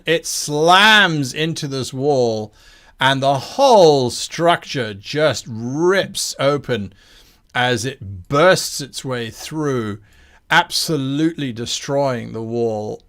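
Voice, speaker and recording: A man running a tabletop game as game master, narrating scenes in a measured way with fillers. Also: medium pitch, lively intonation, fairly bright tone.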